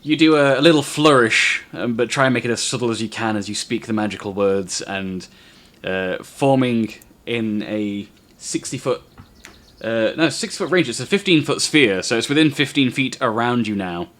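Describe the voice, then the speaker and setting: A man running a tabletop game as game master, explaining rules and narrating in a relaxed, halting way. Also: mid-range voice.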